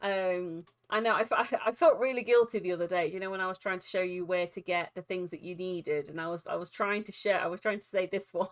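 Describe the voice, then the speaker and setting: A woman's voice: fairly low pitch, steady tone, fairly quick, hardly any pauses. Chatty, giggly woman streamer. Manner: chatty, giggly, rambling with restarts. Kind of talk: casual live-stream chat with viewers.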